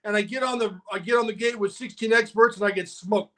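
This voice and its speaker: A man in his sixties hosting a podcast, chatting casually and excitably, saying "dude" a lot. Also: high voice, fast. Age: 60s. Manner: excitable, peppers speech with "dude". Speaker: podcast host. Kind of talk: casual chat.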